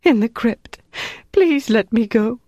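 A woman's voice: a little high, expressive, takes it slowly, mellow, dry recording, lo-fi sound, voice pushed up. A reader voicing an elderly woman prisoner who sobs and begs. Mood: sobbing, pleading. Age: older. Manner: pleading, tearful. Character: elderly woman prisoner, terrified, sobbing and begging.

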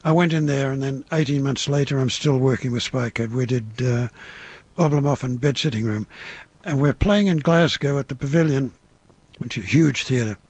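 A man's voice: medium pitch, moderate pace, darkish tone, husky. An older man with an Australian accent, telling showbusiness anecdotes in an interview with rambling restarts and quoted voices. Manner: rambling raconteur, hesitant restarts, mimics others in quotes. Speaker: interview guest, veteran entertainer.

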